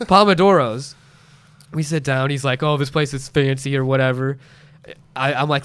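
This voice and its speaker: Speaking at a moderate pace in a smooth mid-range voice without echo, this podcast host in his late twenties tells a story during casual chat. He's animated, acting out the quotes of others in raised voices.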